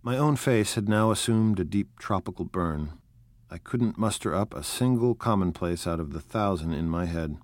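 A man narrates a novel in a steady, measured, unhurried way. His voice sits low, recorded close with a dry, dead sound. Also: no room sound. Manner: measured, even, unhurried reading. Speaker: audiobook narrator. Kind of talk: scripted narration.

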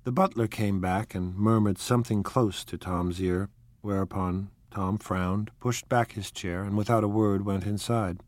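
Man, audiobook narration, measured, soft-spoken, low voice, dry sound. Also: fairly even intonation, dry recording. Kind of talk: scripted narration.

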